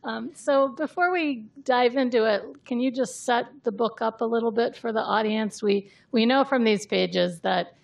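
A woman's voice: on the high side, moderate pace, gravelly, few pauses. A woman interviewing an author, speaking in a casual, complimentary way. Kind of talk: casual chat.

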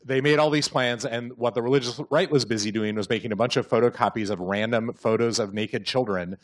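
A man's voice: mid-range voice, a little fast. Wry Midwestern male radio interviewer. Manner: wry, joking, asks questions in long runs.

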